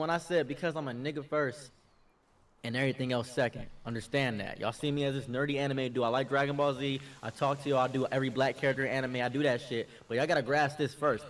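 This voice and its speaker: A man's voice: mid-range voice, fairly even intonation, fast. A man telling an anecdote in casual chat, in a laid-back, wry way.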